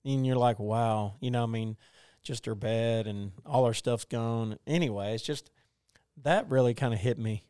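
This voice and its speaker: Middle-aged man, mid-pitched, rambling podcast co-host with lots of fillers. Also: moderate pace, warm tone, clean tone, no echo, clean studio sound. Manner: rambling, many fillers and restarts. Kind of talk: casual conversational storytelling.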